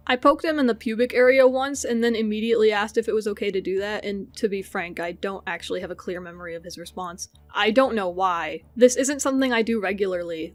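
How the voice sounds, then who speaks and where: A woman's voice: medium pitch, no echo. A young woman answering accusations in a response video, defensive, blunt and emphatic. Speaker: video creator.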